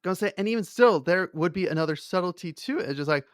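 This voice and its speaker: A man's voice: high-pitched, lively intonation, fast talker, no echo, clean studio sound. A man co-hosting a casual chat, talking in a rambling way with many fillers and restarts. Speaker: podcast co-host.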